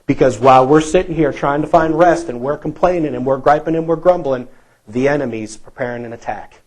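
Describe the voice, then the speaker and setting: A man's voice: mid-range voice, brisk, darkish tone, rough recording. A male pastor preaching a sermon in a church, emphatic and repetitive, asking the congregation rhetorical questions.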